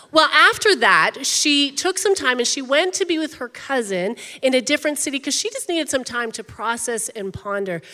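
A woman's voice: a little high, fairly bright tone, big-room sound. A woman pastor preaching a sermon in a conversational, emphatic way, often saying "like".

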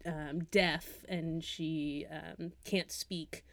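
A woman with a lowish voice chats casually about movies as a podcast co-host. She gets animated and breaks into laughter mid-sentence. The sound is close and dry, with no room around her. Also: drawn-out words, no echo. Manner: animated, laughing, trailing off into asides. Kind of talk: casual film chat.

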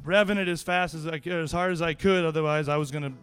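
A man telling a personal anecdote in a lively, casual way, laughing often and restarting his sentences. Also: fairly high pitch, fast, clear, resonant tone, soft background music. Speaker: storyteller.

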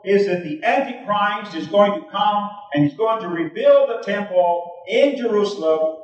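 A man preaching a sermon as pastor, emphatic, reading scripture aloud to his congregation. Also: high-pitched. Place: church. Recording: echoey, distant 1980s church recording.

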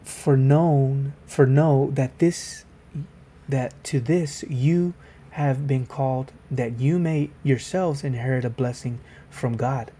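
A man's voice: medium pitch, mellow, slight background noise. A man giving a casual Bible devotional video, reading scripture aloud and then explaining it in a conversational way.

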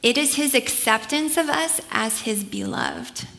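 Woman preacher, bright and a bit high, earnest, conversational sermon delivery. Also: measured pace.

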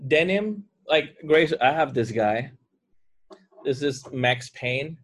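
A man's voice: mid-range voice, expressive, takes it slowly, husky. A man co-hosting a podcast in casual chat, rambling through jokey scenarios and swearing freely. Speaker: podcast co-host.

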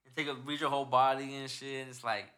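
A man's voice: medium pitch, flat delivery, fast, pushed and bright. A young man hosting a podcast in casual chat, rambling and swearing as he retells stories. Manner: rambling, profane, retells stories with put-on quotes. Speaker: podcast host.

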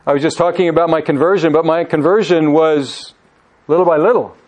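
A man's voice: on the high side, fairly quick, darkish tone. A man preaching a sermon, reading scripture aloud with emphasis and putting questions to his listeners. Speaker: pastor.

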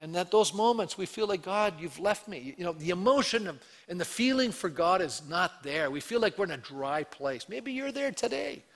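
A male pastor preaching a sermon in a conversational way, acting out the voices he quotes with lively shifts. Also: high voice, moderate pace, few pauses.

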